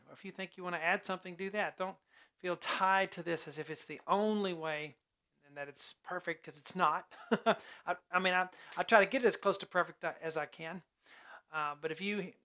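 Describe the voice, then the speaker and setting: Upbeat male piano teacher. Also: sits high. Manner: casual, chatty teaching, singing note syllables. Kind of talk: online piano lesson. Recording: loud piano playing along.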